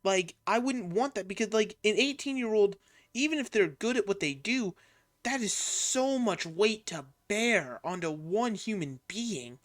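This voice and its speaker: A woman's voice: mid-range voice, lively intonation, measured pace, no room sound, clean studio sound. A woman streaming a game and chatting casually, candid and swearing now and then. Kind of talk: casual gameplay commentary.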